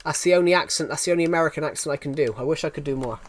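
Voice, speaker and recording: A young British man with a thick regional accent chats loosely on a livestream. He restarts sentences and circles back on himself. His voice sits slightly high. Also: very fast. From United Kingdom. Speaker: game streamer. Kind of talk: casual livestream chat.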